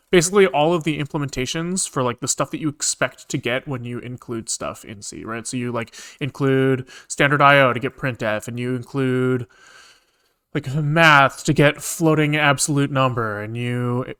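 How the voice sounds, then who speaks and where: A man at a middle pitch talks through his code on a live stream in a loose, rambling way. He thinks aloud as he goes and leans on filler words. The pace is everyday conversation. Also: fairly bright tone, clear, resonant tone. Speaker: programmer streaming his coding work. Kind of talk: casual live-coding explanation.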